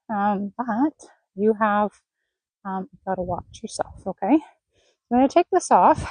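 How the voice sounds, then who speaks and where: A woman horse trainer in an outdoor arena, gently praising and coaxing a horse while explaining her training to viewers. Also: on the high side, no room sound, low-quality recording.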